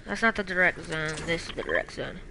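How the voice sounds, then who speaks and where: A teenage boy streaming a game, teasing his teammate and shouting excited callouts. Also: a little high, a little fast, creaky, background noise. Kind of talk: gaming stream chat.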